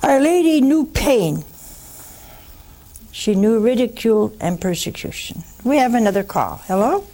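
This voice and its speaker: A woman's voice: fairly high pitch, animated, warm tone. An older woman hosting a religious call-in show, blunt and fervent, answering callers. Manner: slow, blunt and fervent, calls callers honey.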